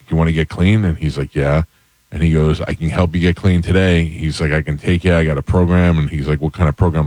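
Radio host, male, very low voice, quick, dry studio sound, storyteller. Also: darkish tone, no echo. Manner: storytelling, quoting people. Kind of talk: casual radio chat.

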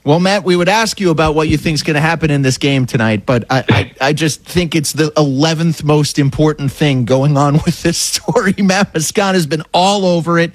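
A man's voice: a little high, normal speed, hardly any pauses, dry recording. A man hosting a sports radio show, chatty and friendly as he talks with a guest and his co-host. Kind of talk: casual sports radio talk.

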